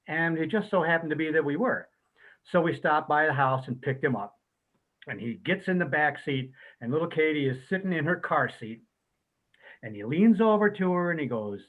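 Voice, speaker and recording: A man's voice: fairly high pitch, moderate pace. Man telling stories over a tinny call. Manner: laughing, lively storyteller. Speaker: storyteller at an online memorial. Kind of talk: casual anecdote telling. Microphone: video call. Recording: tinny phone-like call audio.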